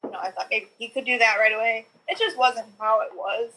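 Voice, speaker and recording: Bright-voiced young woman telling her story. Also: on the high side, a little fast, a little hiss or hum, poor audio. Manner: rambling, heavy use of "like" and "you know", nervous little laughs. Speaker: podcast guest. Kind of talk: personal birth story in conversation.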